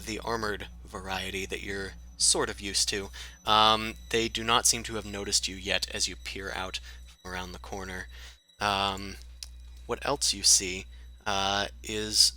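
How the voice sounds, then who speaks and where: Male game master, fairly low voice, hesitant narrator with lots of filler. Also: bright, forceful tone. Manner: halting, lots of ums and uhs.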